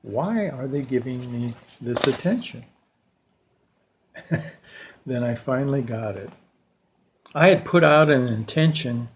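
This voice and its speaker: Slow, reflective older man. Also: mid-range voice, darkish tone. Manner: slow, reflective storytelling with pauses. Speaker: church lay speaker. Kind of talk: personal reflection talk.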